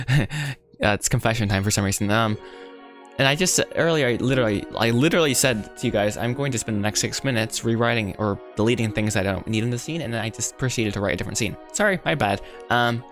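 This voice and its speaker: A man livestreaming as he rewrites his animated film script, thinking aloud in a rambling, self-deprecating way that easily goes off track. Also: on the low side. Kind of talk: casual live-stream thinking aloud.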